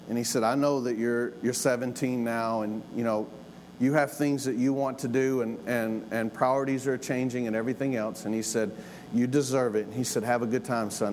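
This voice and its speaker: A man's voice: mid-range voice, fairly even intonation, moderate pace, a little mellow. A middle-aged man telling a family story in a sermon, folksy and earnest, repeating lines for emphasis. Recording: long hall reverb, faint room noise.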